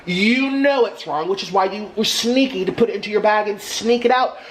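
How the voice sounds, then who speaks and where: A man's voice: high-pitched, brisk, a little hiss or hum, poor audio. A man ranting in a casual vlog at home, indignant and exasperated, with a sarcastic edge. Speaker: vlogger. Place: at home in his apartment.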